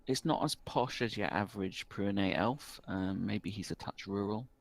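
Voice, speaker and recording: Gravelly man narrating a game. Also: lowish voice, moderate pace, no room sound. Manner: meandering, filler-heavy narration. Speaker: game master.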